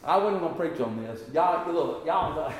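A man preaching a sermon, talking to the congregation in a conversational way and rising to impassioned high peaks. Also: expressive, normal speed, noisy background. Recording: echoey hall.

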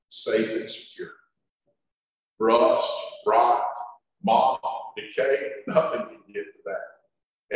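A man preaching a sermon, emphatic, stretching words out and pausing for effect. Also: medium pitch. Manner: emphatic preaching with drawn-out words and dramatic pauses. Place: church sanctuary. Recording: echoey hall from far off.

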